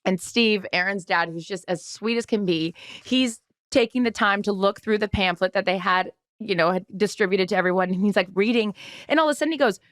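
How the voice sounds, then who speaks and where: A woman co-hosting a casual chat podcast, telling animated stories and acting out the quotes. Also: mid-range voice, brisk, dry recording, studio quality. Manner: animated storyteller, acts out quotes. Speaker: podcast co-host.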